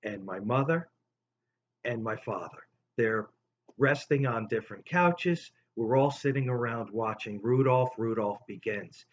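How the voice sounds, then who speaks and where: Older New man telling a rambling story. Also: measured pace. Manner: animated, rambling, jumps to a high voice for quoted lines. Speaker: storyteller host. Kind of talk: casual storytelling to camera. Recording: slightly dull recording with faint room noise.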